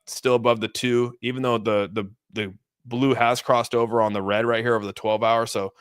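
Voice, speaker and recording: Smooth-voiced man, dry close sound. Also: mid-range voice, fairly bright tone, no echo. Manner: loose and chatty, many restarts, reads donor messages. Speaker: crypto streamer. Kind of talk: casual livestream chart commentary.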